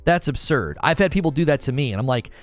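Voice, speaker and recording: This man talks fast in a mid-range voice with lively intonation, recorded dry, while hosting a gaming commentary stream. He casually answers chat, pushes his argument animatedly, and keeps restarting what he's saying.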